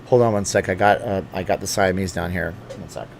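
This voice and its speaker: Answering live chat from home late at night, this middle-aged host reads out viewer comments in a lowish, darkish voice with vocal fry. He speaks a little fast, joking and rambling through fillers and side remarks, with a faint hiss or hum.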